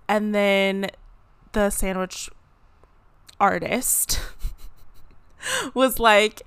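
Brief: young woman, bright crisp voice, chatty and dramatic, dry close sound. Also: medium pitch, drawn-out words, long pauses, no echo. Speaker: vlogger. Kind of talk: casual storytelling.

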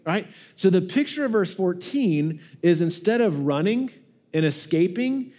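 A man's voice: sits high, expressive, measured pace, warm tone. A male pastor giving a casual, joking sermon and acting out the quoted voices of the people in his stories.

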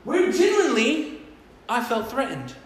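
Here the pastor's voice is very high, with huge swings in pitch, and his delivery is a little slow. He preaches a sermon in a church hall, animatedly telling stories and voicing the characters himself, all captured with roomy hall acoustics.

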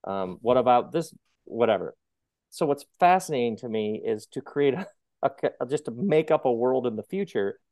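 A man's voice: medium pitch, lively intonation, normal speed, mellow, dry recording, clean studio sound. A man interviewed as an author, talking animatedly about his book and acting out the voices of people he quotes. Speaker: author guest. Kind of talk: conversational interview.

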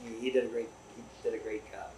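A man guest in a casual tasting chat at a distillery, easygoing and agreeable, talking in halting phrases. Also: fairly low pitch, fairly even intonation, warm tone. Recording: roomy, from a distance.

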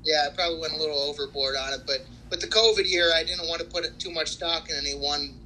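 Bright-voiced man in boastful casual chat. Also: fairly high pitch, a little hiss or hum, rough recording. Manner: halting, many restarts, boastful. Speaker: fantasy league player. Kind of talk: casual banter about fantasy sports.

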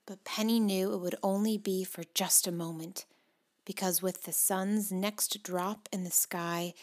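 A woman narrating a children's storybook, moving between hushed whispers and excited, louder passages. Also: mid-range voice. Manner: expressive, shifts between hushed whispers and loud excited calls.

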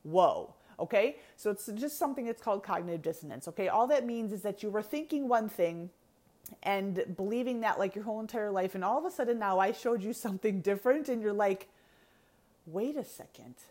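A woman coach giving a casual teaching talk, chatty and animated, laughing often and checking in with "okay". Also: mid-range voice, quick pace. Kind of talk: teaching talk to an online audience.

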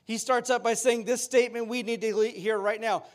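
A man's voice: very high-pitched, fairly even intonation, a little fast. A male pastor preaching a sermon, earnestly reading scripture aloud and driving its meaning home.

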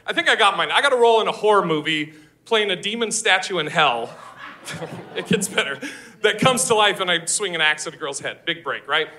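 A man doing a stand-up comedy set on a live stage, loud and brash, swearing and laughing at his own jokes. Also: sits high, animated, brisk. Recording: live show with audience laughter.

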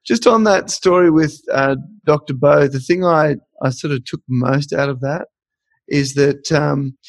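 A man's voice: fairly high pitch, unhurried, gravelly, no room sound. A man hosting a podcast, chatting casually and telling stories in a reflective way. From Australia. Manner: reflective, storytelling. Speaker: podcast host.

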